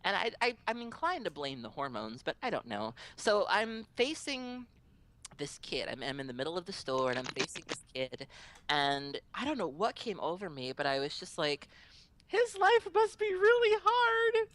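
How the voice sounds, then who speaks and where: A woman guest on a podcast telling stories in casual chat, animated and acting out other people's voices. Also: deep voice, normal speed.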